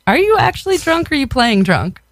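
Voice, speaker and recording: A woman's voice: high-pitched, big pitch swings, brisk, no room sound, studio quality. A woman co-hosting a raunchy radio chat, reading out ads and laughing often. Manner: laughs often, bawdy and amused. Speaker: guest co-host.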